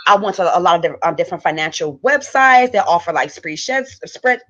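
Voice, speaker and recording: A woman hosting a live stream as a business coach, pitching her system in a quick, eager, salesy way. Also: expressive, fairly bright tone. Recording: dull lo-fi stream audio.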